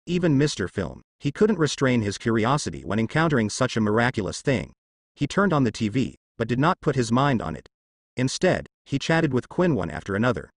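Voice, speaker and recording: Animated male audiobook narrator. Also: mid-range voice, no room sound, clean studio sound.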